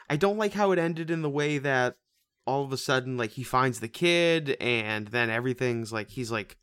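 A man's voice: medium pitch, moderate pace, fairly bright tone, clear, resonant tone, dry recording. A man co-hosting a casual movie review podcast, rambling and stumbling over his words as he talks. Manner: rambling, restarts and stammers. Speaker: podcast co-host.

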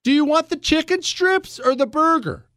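A man's voice: extremely high pitch, animated, normal speed, bright, forceful tone, no echo, clean studio sound, voice pushed up, full character voice. A man voicing an oblivious, chatty ship captain who offers lunch choices in an offhand way. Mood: breezy.

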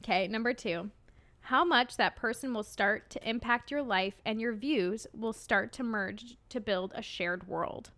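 A young woman with a Midwestern American accent, co-hosting a podcast in casual chat, quick and giggly as she tells stories. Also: fairly high pitch. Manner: fast-talking, giggly, animated storyteller. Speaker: podcast co-host.

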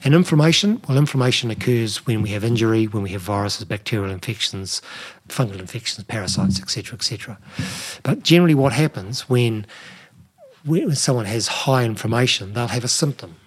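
A middle-aged man, a nutrition expert guest, explaining in a relaxed conversational way with many "you know" fillers. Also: mid-range voice, a little fast, husky. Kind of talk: conversational interview.

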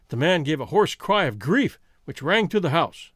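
A man giving a steady, scripted narration of a classic detective story. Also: a little high, moderate pace, few pauses, dry recording, studio quality. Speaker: audiobook narrator.

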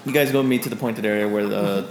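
A man's voice: lowish voice, fairly even intonation, quick pace. Male game master, hesitant rambling narration, roomy recording. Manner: rambling, hesitant, with many fillers and restarts. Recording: roomy echo with faint noise.

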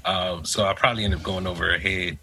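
A man's voice: low-pitched, fast talker, a little hiss or hum. A man co-hosting a casual chat, telling stories with a laugh and acting out what others said. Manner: animated, laughing storyteller who acts out quoted voices. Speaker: podcast co-host.

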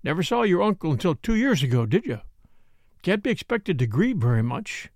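A man's voice: sits high, big pitch swings, fairly quick, a little mellow, dry recording, clean studio sound. A man playing a terse, plain-spoken middle-aged hunter who talks in clipped, curt phrases. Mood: blunt. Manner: clipped, curt, drops words.

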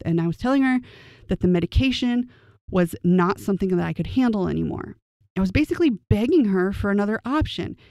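A young adult telling a personal story to camera in an earnest, indignant way, the voice climbing high whenever the telling turns upset. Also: darkish tone, no room sound. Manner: earnest and indignant, pitch rising sharply when upset. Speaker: storyteller recounting a personal experience. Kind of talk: emotional first-person storytelling.

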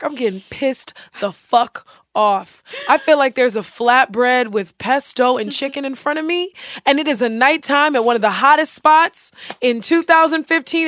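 A young woman chatting casually, blunt and animated, swearing freely and acting out quotes. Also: high voice, no room sound. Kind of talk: casual chat.

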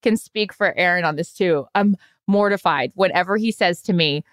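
Chatty woman with a lowish voice. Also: smooth, no echo, studio quality. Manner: bubbly, chatty, quick asides. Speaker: podcast co-host. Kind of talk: casual chat.

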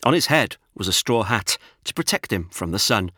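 A man narrates a children's storybook with an expressive, animated read. His voice rises and falls freely and sounds bright and forward, recorded close and dry. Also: fairly low pitch, moderate pace, no echo. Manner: expressive, lively reading.

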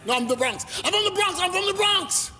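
A man's voice: very high voice, animated, a little fast, pushed and bright, big-room sound, soft background music, voice pushed up, exaggerated voice. A man imitating a starstruck young female celebrity who squeals and repeats herself breathlessly.

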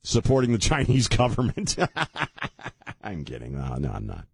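A man's voice: lowish voice, huge pitch swings, a little slow, creaky, darkish tone, breathy edge, no room sound. A man hosting a talk radio show from a studio, joking and sarcastic in a rambling, casual way. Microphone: studio microphone.

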